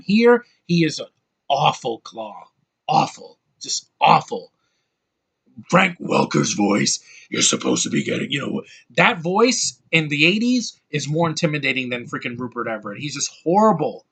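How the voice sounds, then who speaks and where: A young man tears into a film in an angry rant, his voice fairly high and sharp. He swears freely and sounds fed up from start to finish. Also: low-quality recording. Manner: ranting, exasperated, swearing. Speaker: movie reviewer.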